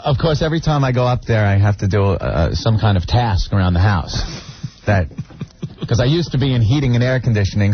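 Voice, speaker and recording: Animated New radio host, lo-fi. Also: male voice, a little hiss or hum. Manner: animated storytelling, mocking high-voiced impressions. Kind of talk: morning radio banter. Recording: dull lo-fi radio broadcast.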